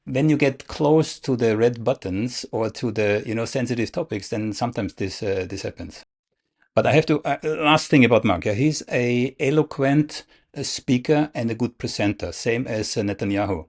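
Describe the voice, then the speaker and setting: Casting note: male podcast host, mid-pitched, hesitant and thoughtful, many fillers. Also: moderate pace, darkish tone. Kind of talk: casual interview chat.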